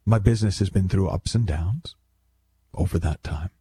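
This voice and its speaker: A man's voice: low-pitched, normal speed, dark tone, husky, no room sound. A man talking as a self-help speaker in a casual, reflective monologue, rambling and wry with many self-corrections.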